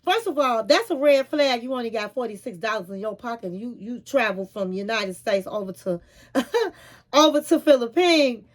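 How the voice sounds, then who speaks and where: A woman vlogger retelling a reality show in a chatty, animated way, often calling the listener "honey.". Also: a little high, moderate pace. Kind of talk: casual storytelling recap.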